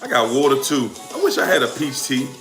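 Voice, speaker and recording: A man's voice: mid-range voice, lively intonation, fairly quick, a bit bright. A man with a Washington DC accent hosting a casual livestream, greeting viewers by where they tune in from and drawing out his hype. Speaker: livestream host. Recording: roomy echo with music behind. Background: music playing.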